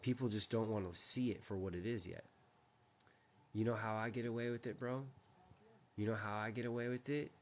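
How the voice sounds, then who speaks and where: A man's voice: on the low side, fairly even intonation, brisk, long pauses, a little hiss or hum. A man hosting a casual live stream from home, talking in a rambling, emphatic way with many restarts. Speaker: livestream host.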